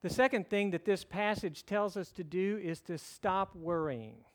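A middle-aged man delivers a sermon with a notably high-pitched voice. He preaches in a conversational, storytelling way, slipping in light humor as he walks his listeners through the text. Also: measured pace, hardly any pauses. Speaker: pastor.

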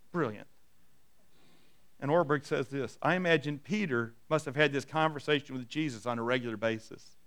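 A middle-aged male pastor preaching a sermon and telling stories, dropping soft and low for quoted lines. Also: moderate pace.

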